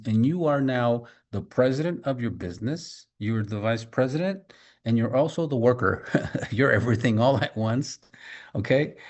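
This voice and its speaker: A man's voice: medium pitch, darkish tone. Emphatic man giving a business training talk. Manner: emphatic, repeats key points, addresses listeners directly.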